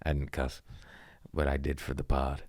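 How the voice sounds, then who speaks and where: A young adult man, a comedian hosting a podcast, telling stories in an animated, profane, self-mocking way with quick laughs. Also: a bass voice, no room sound, clean studio sound. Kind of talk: casual storytelling monologue.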